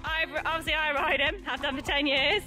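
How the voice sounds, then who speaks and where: A woman event rider chatting casually in an outdoor arena, relaxed and quick to laugh and tease. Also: sits high, faint music behind, low-quality recording. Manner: relaxed, laughs easily, teasing. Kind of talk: casual chat.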